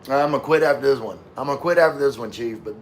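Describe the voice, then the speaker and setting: Relaxed man chatting on a live stream. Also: mid-range voice, fast talker, a little hiss or hum. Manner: relaxed, rambling, drinking with viewers. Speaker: live streamer reading chat. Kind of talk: casual live stream chat. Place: room with floor-to-ceiling window.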